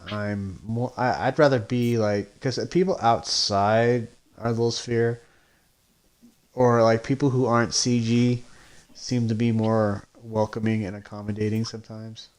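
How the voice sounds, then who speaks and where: A man's voice: on the low side, flat delivery, unhurried, a little mellow. A man who makes independent comics, chatting casually on a podcast in a hesitant, rambling way with many restarts.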